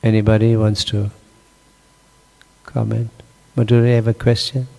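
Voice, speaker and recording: A man's voice: fairly low pitch, measured pace, creaky. A man giving a scripture class, telling a story with animation and quizzing his listeners. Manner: animated, questions the audience. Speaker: class speaker. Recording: long hall reverb.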